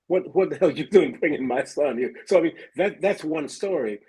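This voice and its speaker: Husky older man with a Detroit accent. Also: mid-range voice, a little mellow, rough recording. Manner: storytelling, halting with repeated words. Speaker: guest, former police chief. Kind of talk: casual radio talk.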